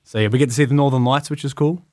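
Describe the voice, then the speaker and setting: A man's voice: medium pitch, steady tone, darkish tone, no room sound, studio quality. A young Australian man, a wrestler, telling stories in a casual podcast interview and acting out what others said. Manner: quick storytelling, acts out voices of others. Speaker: guest wrestler.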